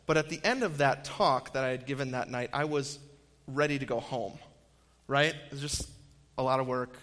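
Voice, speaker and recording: A man's voice: mid-range voice, normal speed, fairly bright tone. A man in his thirties giving a storytelling sermon, conversational and self-deprecating, with frequent ums and restarts. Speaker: campus minister speaking to an audience. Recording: long hall reverb.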